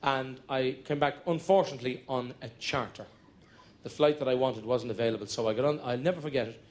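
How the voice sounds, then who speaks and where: A man's voice: medium pitch, fairly quick. A man telling comic stories on stage in a chatty, breezy way, breaking into short sung ditties. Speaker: stand-up comedian. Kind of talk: live comic storytelling. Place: stage at a hotel show. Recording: live stage, audience laughter, music.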